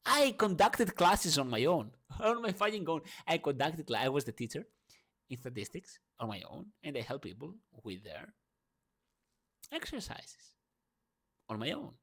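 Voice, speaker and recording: Passionate ranting man with a gravelly voice. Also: very animated, moderate pace. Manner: passionate, swearing, swings from loud outbursts to low murmurs; speaks English as a second language. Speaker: vlogger. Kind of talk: morning rant monologue.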